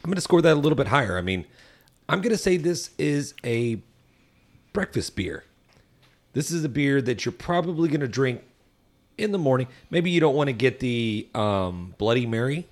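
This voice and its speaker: A man's voice: mid-range voice, very animated, normal speed. A man co-hosting a casual podcast, rambling and joking with lots of fillers as he reviews a beer. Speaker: podcast co-host, barbecue team member.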